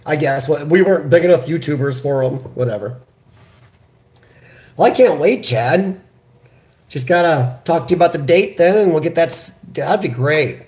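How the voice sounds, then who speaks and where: An American man hosts a casual live chat, animated and talkative as he answers his viewers. He talks straight into a computer webcam. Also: on the high side, moderate pace. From United States. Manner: animated, chatty, reads viewer comments aloud. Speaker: livestream host. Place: hospital room.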